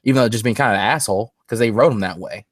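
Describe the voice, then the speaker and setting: A man's voice: on the low side, racing, no echo. A man in casual conversation, loose and profane, laughing between his points. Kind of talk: casual chat.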